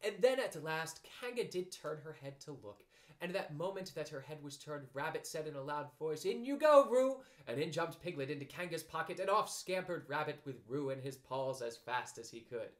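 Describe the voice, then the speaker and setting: A man reading a children's storybook aloud as narrator, in gentle, expressive storytelling. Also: fairly high pitch, normal speed.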